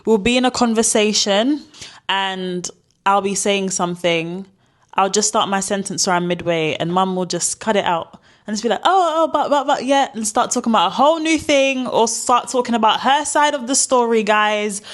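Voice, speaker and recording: A woman's voice: medium pitch, moderate pace. A woman in her early twenties chats casually in an ordinary mid-range voice. She speaks to the viewers directly while she puts questions to her mother. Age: early 20s. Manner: chatty, addresses viewers directly. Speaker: daughter asking questions. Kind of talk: casual chat.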